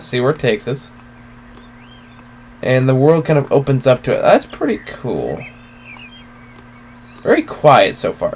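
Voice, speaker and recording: A man's voice: medium pitch, slight background noise. A man hosting a let's play at home, reclining in his chair and giving casual, laid-back commentary with frequent swearing as he thinks aloud.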